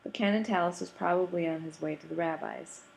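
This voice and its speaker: A woman reading a novel aloud as an audiobook narrator, in calm, steady storytelling. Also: lowish voice, brisk, gravelly, slight background noise, rough recording. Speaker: audiobook reader. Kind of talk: scripted narration.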